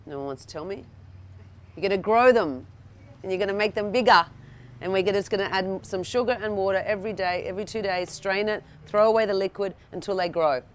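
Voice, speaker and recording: Speaking fairly quickly in a medium pitch, a woman from Australia teaches a cooking workshop to people gathered in an indoor room. She's conversational, keeps checking in with her audience, and tends to begin her sentences again.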